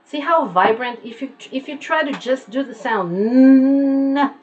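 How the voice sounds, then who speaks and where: Unhurried woman teacher drilling pronunciation from home, patient and repetitive, slightly muffled home recording. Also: high voice, a little mellow. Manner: slow, patient, repeats words to demonstrate sounds. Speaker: English teacher. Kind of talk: online pronunciation lesson.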